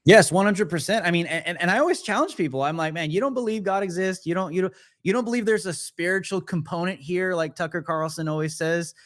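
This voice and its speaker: Man, talk show guest, emphatic, slightly high voice, quick storytelling. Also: fairly bright tone. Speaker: guest commentator.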